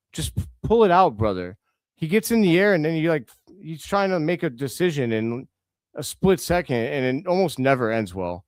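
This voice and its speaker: An excitable young man calls a basketball game live, mixing play-by-play with exasperated remarks at players. His voice sits a bit high and sounds close and dry, with no room around it. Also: no echo. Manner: excitable, scolds players aloud, quick self-corrections. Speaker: live reaction stream host.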